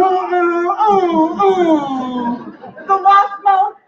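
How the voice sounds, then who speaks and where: An actress playing a proud, playful, sensual woman in a stage monologue, with slow, savoring delivery, heard from a distance in a large theatre. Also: high voice, background noise. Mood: ecstatic. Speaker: stage actor. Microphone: distant audience camera. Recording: echoey hall from far off, dull.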